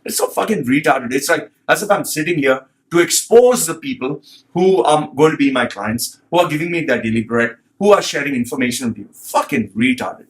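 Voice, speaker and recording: A man's voice: fairly high pitch, animated, brisk. A man hosting a commentary vlog as a resume consultant, blunt and profane as he rants.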